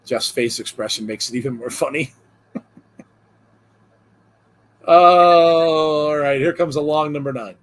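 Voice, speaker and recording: A wrestling podcast co-host reads out viewer jokes in casual chat, chuckling often in a loose, rambling delivery full of fillers. His voice is a little high, and he speaks slowly, pausing often.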